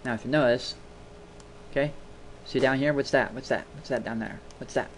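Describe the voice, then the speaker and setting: Speaking at a moderate pace with a medium-pitched voice, this video tutorial host talks into a desktop mic at his home computer. He's chatty and rambling, leaning on repeated words for emphasis during his casual screen-recording walkthrough, with a faint hiss or hum present.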